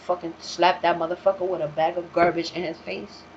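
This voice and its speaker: A woman's voice: fairly low pitch, level tone, fairly quick. Blunt, profane woman storyteller. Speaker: talk show host. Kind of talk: casual monologue. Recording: dull, slightly lo-fi recording with faint hiss.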